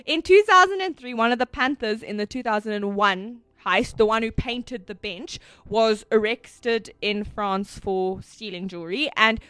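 A woman's voice: on the high side, measured pace, hardly any pauses, fairly bright tone, smooth, dry recording. A woman co-hosting a casual chat, telling a story with lots of restarts and fillers. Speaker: podcast co-host.

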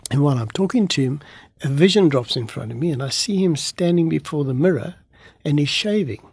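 A man, a pastor from Africa, telling a story in an animated way and acting out the dialogue. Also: on the high side, brisk, gravelly, slightly rough, no room sound, studio quality. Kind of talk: storytelling testimony in an interview.

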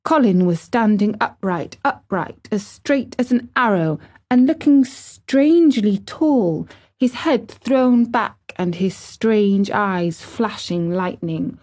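In a mid-range voice, a female audiobook narrator reads aloud from a classic novel, telling the story in a measured, expressive way.

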